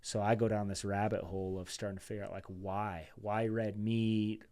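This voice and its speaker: A man as a podcast guest telling a personal story in a casual, animated way. He talks loosely and calls his listener "dude" and "man". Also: lowish voice, moderate pace. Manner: chatty and animated, says "dude" and "man", acts out quoted dialogue.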